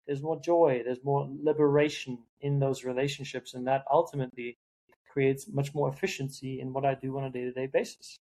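A man's voice: mid-range voice, flat delivery, a little fast, dark tone, poor audio. A man hosting a podcast conversation, earnest and reflective, thinking aloud with short asides.

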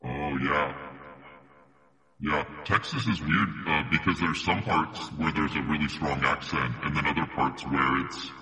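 Brief: young man, curious host, very deep and forceful, reverberant with faint music. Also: unhurried. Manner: curious, asks questions. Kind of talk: casual conversation.

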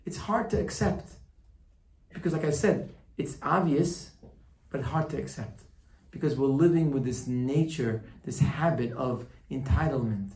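A man giving an animated, emphatic sermon to a live group, telling a story and acting out its dialogue. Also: medium pitch, a little slow. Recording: roomy room from far off, faint ambience.

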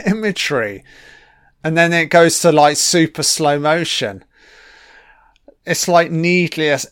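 A man's voice: a little high, a bit bright, clear, resonant tone, dry recording, clean studio sound. A man giving casual, sarcastic film commentary, swearing constantly and mocking what is on screen. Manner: sarcastic, heavily profane, mocking.

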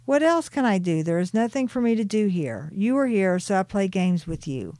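A woman's voice: medium pitch, very animated, moderate pace, dark tone, no echo, clean studio sound, lightly acted. A woman voicing the bored, witty spirit of a male orca in a spoken book reading, in her own plain voice. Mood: playful.

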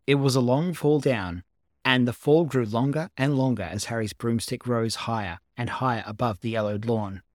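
A man reading a story aloud as an amateur narrator, calm and even. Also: medium pitch, normal speed, dry recording, studio quality. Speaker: amateur reader. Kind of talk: audiobook narration of fan fiction.

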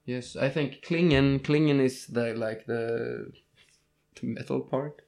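A man's voice: medium pitch, fairly even intonation, slow, vocal fry, a little mellow. A young man co-hosting a casual podcast, reading ranking lists and tripping over foreign names. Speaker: podcast co-host.

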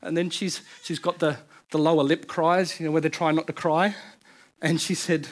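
Chatty man preaching a sermon, slightly high. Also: little pitch movement. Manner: conversational storytelling, quick asides and restarts. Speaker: pastor.

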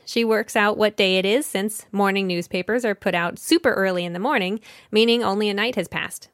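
A woman's voice: medium pitch, a bit bright, no room sound, clean studio sound. A woman hosting a children's book podcast, summarizing and discussing a story in a conversational way, thinking aloud and correcting herself now and then.

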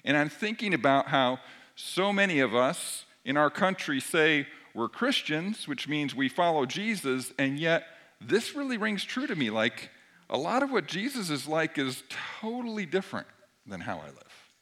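A man, a pastor giving a sermon in a relaxed, conversational storytelling way. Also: moderate pace. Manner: conversational storytelling, varied pitch.

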